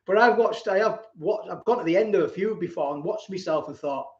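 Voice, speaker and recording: A man's voice: high voice, unhurried, pauses often, a little mellow. A man, hosting a casual live stream, reading out viewer comments and laughing often as he reminisces. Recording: roomy, slightly dull live-stream audio.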